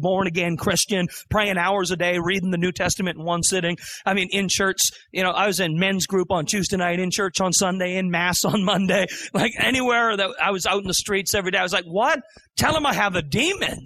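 A middle-aged male preacher telling his testimony as a sermon, animated and acting out the voices in his story. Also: sits high.

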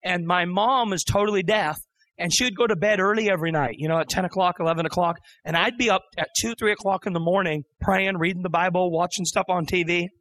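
Preaching his testimony as a sermon, a middle-aged male preacher speaks in a high voice at a quick pace. He's animated and acts out the voices in his story.

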